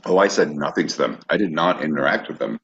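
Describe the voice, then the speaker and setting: A man co-hosting a podcast who tells his stories in a dry, low-key way. His voice sits very low, and the recording sounds dull and lo-fi with a faint hiss underneath. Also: lively intonation, quick pace, creaky, a bit bright. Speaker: podcast co-host. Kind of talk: casual comedic banter.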